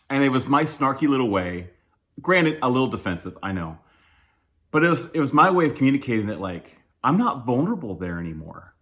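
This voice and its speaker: A man's voice: medium pitch, sing-song, a little fast, a bit bright. A man giving a casual, conversational sermon, candid and self-deprecating, chuckling often and talking loosely with fillers and restarts. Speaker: church speaker.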